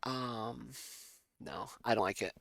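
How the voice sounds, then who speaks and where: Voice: medium pitch, slow pace, gravelly, fairly bright tone, no echo. A streamer chatting casually while drawing, playful and rambling, with frequent giggly asides. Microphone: desk microphone.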